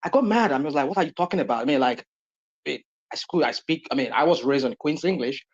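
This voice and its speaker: A man's voice: medium pitch, lively intonation, a little fast. A man from Nigeria speaking on a live online panel, rambling with many fillers and restarts. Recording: dull lo-fi audio.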